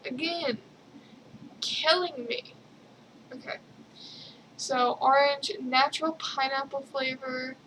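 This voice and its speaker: A young woman chats through her video journal in a high, unhurried voice. She rambles, giggles often and leans on ums and likes. A faint hiss sits under her voice. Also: fairly even intonation, a bit bright, low-quality recording. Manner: rambling, giggly, lots of fillers. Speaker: vlogger.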